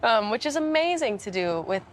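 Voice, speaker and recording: A young woman in a casual radio interview, talking softly with many restarts and fillers. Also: on the high side, sing-song, a little hiss or hum. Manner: soft-spoken, halting, many restarts and fillers. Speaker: interview guest, musician.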